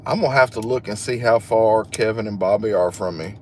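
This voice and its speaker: Warm and on the low side, this man's voice moves a bit fast over slight background noise. Hosting a casual livestream, he reads viewer comments and chats along, cracking self-deprecating jokes and laughing at himself.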